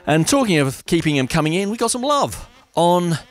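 A man's voice: on the high side, normal speed. A man hosting a community radio show, reading out donor thanks and listener messages in a chatty, rambling way and correcting himself as he goes. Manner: chatty and rambling, self-correcting, lively sing-song delivery. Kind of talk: live radio announcements and shout-outs.

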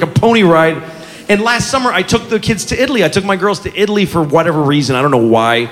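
A man performing stand-up comedy, animated and profane, breaking into quick shouts. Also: on the high side. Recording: live club audience, noisy. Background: audience laughter.

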